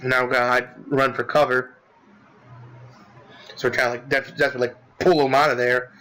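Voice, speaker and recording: A man casually recapping a game he played, rambling with lots of filler words and restarts, swearing as he gets excited. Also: mid-range voice, fairly quick, poor audio. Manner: profane, excitable. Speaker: gaming commentator.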